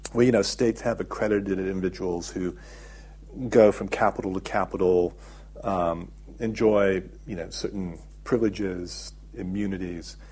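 A middle-aged man speaks in a low, husky voice as an interview guest. He explains his ideas at length in a reflective, measured way and often pauses on fillers while he thinks. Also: a little mellow. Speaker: documentary filmmaker, interview guest.

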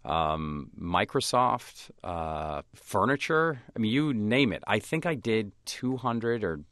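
An American man being interviewed, telling stories in a lively way and acting out the voices of others. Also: on the low side, takes it slowly, no room sound, clean studio sound. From United States. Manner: animated storyteller who acts out voices of others. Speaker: actor and comedian guest. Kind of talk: conversational interview.

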